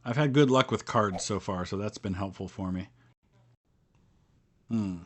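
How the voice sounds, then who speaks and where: Middle-aged Midwestern American man, game streamer, rambling, low-pitched. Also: a little slow, slight background noise. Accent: General American Midwestern. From Northeast Ohio, US. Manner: chatty, rambling, with frequent ums and restarts. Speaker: streamer playing a strategy board game with viewers. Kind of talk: casual live-stream chat.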